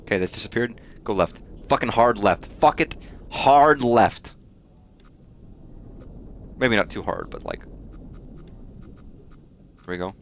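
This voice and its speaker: A man's voice: lowish voice, lively intonation, slow pace, gravelly, long pauses, slight background noise. A man hosting a let's play, muttering and swearing at the screen, with startled reactions. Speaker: host of a gaming channel.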